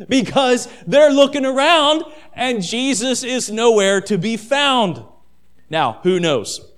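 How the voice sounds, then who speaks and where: High-voiced dramatic preacher man. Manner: dramatic, addresses listeners as family, swings between hushed and loud. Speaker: pastor. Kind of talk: sermon.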